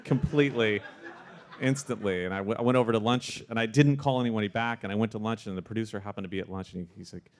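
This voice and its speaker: A man, a sound supervisor, telling a story in a casual interview with animated delivery and frequent restarts. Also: fairly low pitch, quick pace.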